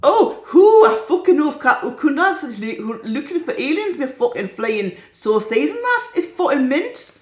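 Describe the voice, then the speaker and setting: Woman putting on a loud sweary geordie lad, rough and lively. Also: high voice, normal speed, few pauses, echoey room, voice pushed up. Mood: boisterous. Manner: coarse, swearing. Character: foul-mouthed rough young Geordie lout.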